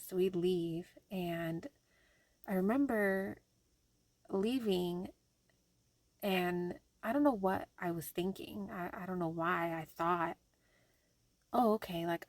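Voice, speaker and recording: A woman's voice: fairly low pitch, darkish tone, dry recording. A young adult woman speaking candidly in a personal diary vlog, telling a story with a loose, rambling flow full of fillers. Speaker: vlogger.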